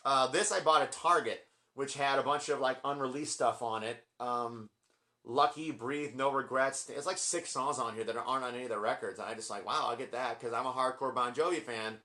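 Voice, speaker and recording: A man's voice: mid-range voice, brisk, bright, forceful tone. Gushing, rambling man in his forties. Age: 40s. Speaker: vlogger ranking his album collection. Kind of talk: casual collection vlog.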